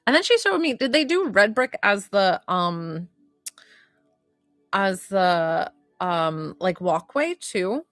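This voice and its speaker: A woman working as a psychic medium, giving live readings to viewers in a warm, rambling way with lots of filler words. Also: mid-range voice, big pitch swings, takes it slowly, no room sound, clean studio sound, soft background music. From northern United States.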